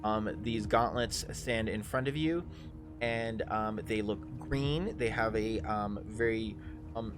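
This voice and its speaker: Low-voiced, halting game master. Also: male voice, over music. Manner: halting, full of ums and uhs. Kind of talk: live tabletop game narration.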